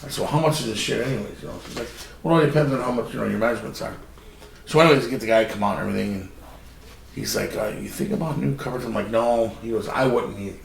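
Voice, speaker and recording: Gravelly man, off mic in a roomy space. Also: fairly low pitch, quick pace, far from the mic. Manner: laid-back, rambling storytelling. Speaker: podcast co-host. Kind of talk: casual chat. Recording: gravelly voice in an echoey room, off mic, faint noise.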